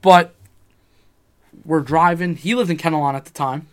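A man's voice: a little high, moderate pace. A man in casual chat, telling a rambling personal story, swearing freely and acting out what people said.

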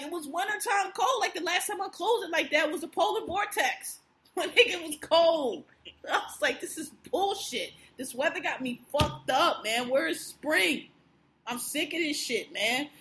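Animated, profane woman podcast co-host. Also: high voice. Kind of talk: casual chat.

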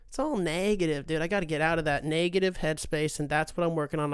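A podcast host with a smooth, highish voice talks fast with few pauses, captured in a dry, studio-quality recording. His casual monologue rambles, profane and self-deprecating, with "dude" coming up constantly.

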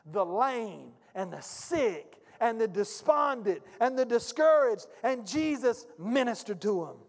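A man preaching a sermon as pastor, with a call-and-response delivery that swings from hushed to shouting. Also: very high-pitched. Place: church sanctuary. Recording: long hall reverb.

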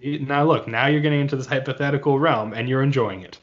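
A man's voice: mid-range voice, fast, highs cut off. A man co-hosting a casual podcast chat, playfully spinning wild hypotheticals. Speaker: podcast co-host.

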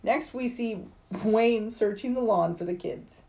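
A woman's voice: fairly high pitch, warm tone. A woman in her forties on a podcast, casually retelling movie scenes and swearing as she acts out the characters' lines. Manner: swears freely, acts out lines in quick asides. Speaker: podcast host recapping a film.

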